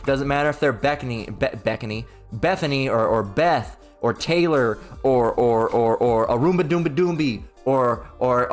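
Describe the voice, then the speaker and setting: A man delivering a casual religious rant in a blunt, profane, mocking way, often tagging his points with "all right?". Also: mid-range voice. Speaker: religious commentator.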